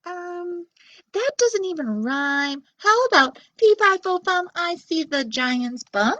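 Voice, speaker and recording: A woman's voice: extremely high pitch, sing-song, slow pace, pushed and bright, dry recording, highs cut off, pitched above the performer's own voice, exaggerated voice. A woman voicing a cheeky, whiny young boy who talks back to the narrator.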